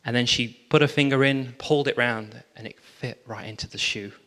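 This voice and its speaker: A man preaching from the front of a church hall, telling his story with lively energy and acting out the voices of the people in it. His voice sits in an ordinary middle pitch for a man. A long reverb from the big room trails after each phrase. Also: moderate pace. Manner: animated storytelling with quoted dialogue. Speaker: pastor. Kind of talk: sermon storytelling.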